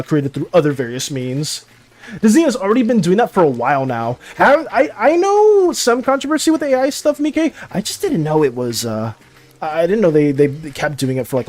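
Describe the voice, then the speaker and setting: Excitable young man chatting on a stream. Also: high voice. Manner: excitable, animated, laughs often, gets heated then apologetic. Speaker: art streamer. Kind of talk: casual livestream chat with viewers.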